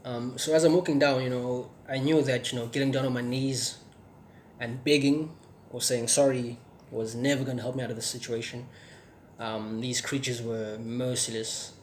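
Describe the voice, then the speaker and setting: Young man, earnest testimony, mid pitch, halting with fillers, slight stutter, faint background noise. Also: little pitch movement. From South Africa. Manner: earnest, with frequent fillers and restarts; stutters sometimes. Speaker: testimony speaker. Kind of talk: personal testimony.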